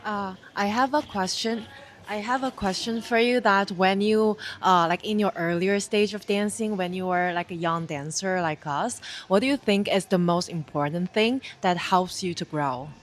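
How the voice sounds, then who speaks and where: A woman's voice: medium pitch, moderate pace. A young woman dancer asking a question from the audience, hesitant and with fillers.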